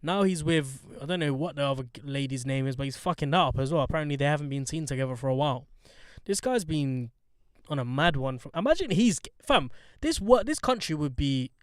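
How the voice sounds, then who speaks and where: A man's voice: on the high side, expressive, a little fast, hardly any pauses, no echo, clean studio sound. A man hosting a podcast, chatting in a blunt, joking, sweary way with lots of slang. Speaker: podcast host. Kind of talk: casual chat.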